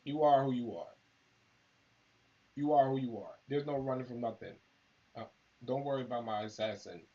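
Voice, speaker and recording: This man, host of a battle rap channel, talks at medium pitch and a moderate pace with a mellow voice. Relaxed and rambling, he addresses his live-stream viewers directly over dull audio.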